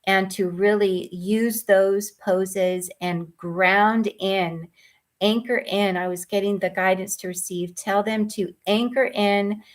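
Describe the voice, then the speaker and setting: A woman mindfulness coach telling a personal story in a gentle, earnest way, with frequent ums and restarts. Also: mid-range voice, fairly even intonation, takes it slowly.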